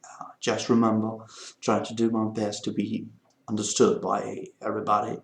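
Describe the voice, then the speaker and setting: A man's voice: on the low side, completely flat delivery, moderate pace, gravelly, echoey room. A man from Belgium, a native French speaker with a Belgian French accent, rambling through a casual vlog chat. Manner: rambling, meandering talk. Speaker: vlogger.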